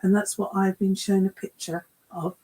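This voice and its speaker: A woman's voice: mid-range voice, level tone, normal speed, dark tone, husky, poor audio. An older woman co-hosting a live chat, giving short remarks and laughing often. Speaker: co-host medium.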